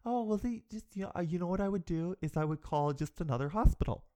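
A man voicing a hesitant, apologetic animal hospital receptionist on the phone, in a soft, halting voice. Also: sits high, expressive.

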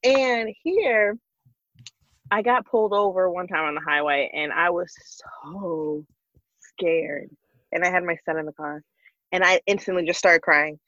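An animated woman chatting casually, full of stories and quick to mimic the people in them. The sound is a little dull and muffled, with a dry, close feel and no room echo. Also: lowish voice. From Connecticut. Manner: animated storyteller, acts out quoted voices. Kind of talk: casual chat.

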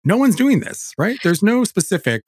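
A man hosting a podcast, talking in an animated, chatty way that keeps breaking off and restarting. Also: high-pitched, normal speed, breathy edge, no echo, studio quality. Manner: animated, self-interrupting, chatty. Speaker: podcast host. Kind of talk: casual chat.

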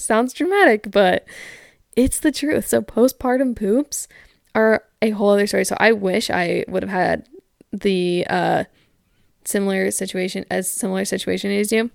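A young woman in her twenties talks candidly in a casual chat, peppering her speech with "like" and quick asides. Her mid-pitched voice carries a gravelly fry. She is recorded on a close mic in a dry space. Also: dry recording. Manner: chatty, frequent "like" fillers, candid. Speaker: podcast host. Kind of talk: casual chat reading listener stories.

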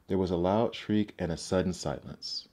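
A man narrating fairy tales aloud in a measured, gentle manner. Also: low-pitched. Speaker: storyteller. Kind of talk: storybook narration.

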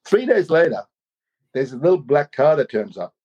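A man's voice: fairly high pitch, very animated, moderate pace, mellow, breathy edge. A man recounting a personal story over a video call, rambling, repeating words and leaning on fillers. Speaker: guest. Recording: slightly muffled video call audio.

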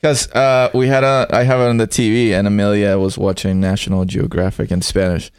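A man co-hosting a podcast, bantering casually and excitably. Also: lowish voice, fairly quick, smooth, no room sound. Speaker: podcast co-host. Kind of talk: casual chat.

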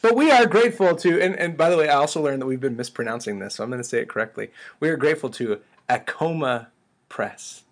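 A man's voice: fairly high pitch, quick pace, few pauses. A man from West Texas with a drawl, co-hosting a podcast in a good-humored way and laughing easily. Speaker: podcast co-host and book author. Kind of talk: casual podcast chat.

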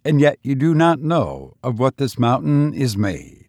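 Man voicing a gentle Bodhisattva, calm and reassuring, slow, dry sound. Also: medium pitch, dry recording.

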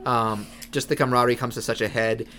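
A podcast host in casual chat, enthusiastic, with quick restarts. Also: medium pitch, little pitch movement, pushed and bright.

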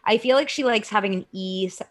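A woman's voice: medium pitch, fast. A young woman co-hosting a podcast, chatting casually and sarcastically about celebrities with lots of "like" fillers. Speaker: podcast co-host. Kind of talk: casual pop-culture chat.

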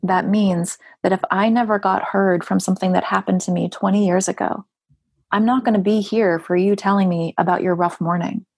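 A woman guest on a podcast interview, speaking earnestly and emphatically about compassion, with rhetorical questions and playful jumps into a higher voice for asides. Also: fairly even intonation, moderate pace, a little mellow, slightly rough, no echo. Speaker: grief writer and guest.

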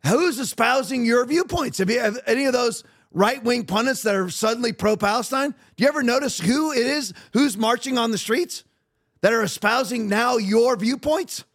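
High-voiced man ranting as podcast host. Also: animated, moderate pace, fairly bright tone. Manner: heated, sarcastic, repetitive. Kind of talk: ranting political commentary.

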